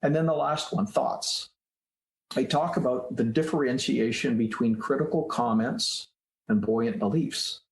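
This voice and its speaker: Brief: male podcast guest, mid-pitch voice, patient teacherly explainer, recorded in an echoey room. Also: moderate pace. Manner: explanatory, teacherly, walks through steps. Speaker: guest author, child psychologist. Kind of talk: podcast interview. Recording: roomy echoey room sound.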